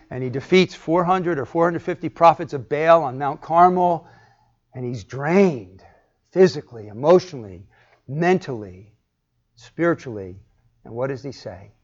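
A man teaching a Bible class, asking the group questions and acting out the lines he quotes. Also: a little high. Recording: muffled lo-fi recording.

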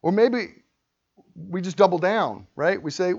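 Guy preaching a sermon, goes quiet then loud, kinda high voice, dull lo-fi sound. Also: unhurried, vocal fry. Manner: impassioned, swings from hushed to loud. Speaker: pastor.

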